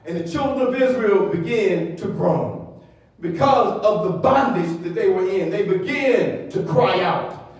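A man preaching a sermon as pastor, in rhythmic bursts of shouted repetition and calls for the congregation to answer. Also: high voice, expressive, unhurried. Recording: echoey church sound from far off.

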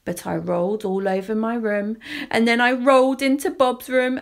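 A woman reading a children's picture book aloud, slow, clear and expressive. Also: on the high side. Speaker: storyteller.

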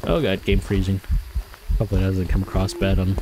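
A man's voice: sits low, little pitch movement, quick pace, noisy background. A man giving casual, think-aloud commentary while playing a game, often correcting himself and talking to the in-game ghost. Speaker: gaming streamer.

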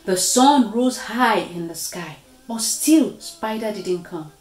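A woman reads a storybook aloud to kids, slow and unhurried. Her pitch rises and falls expressively from line to line. The recording has a noticeable room echo. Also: animated, a little mellow. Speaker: children's story reader.

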